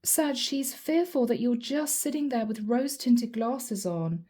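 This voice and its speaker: A woman's voice: a little high, animated, measured pace, hardly any pauses, mellow. A woman giving a channeled tarot reading, speaking earnestly and straight to the listener, often repeating her questions. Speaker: tarot reader.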